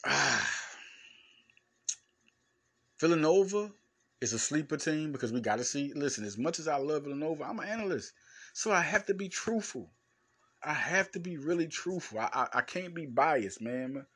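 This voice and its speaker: A man hosting a solo sports podcast as a basketball analyst, talking in an animated, emphatic way with slangy phrasing and frequent stammered restarts. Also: on the high side, normal speed, long pauses, breathy edge. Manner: informal slangy speech, addressing fans directly. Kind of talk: casual solo podcast talk.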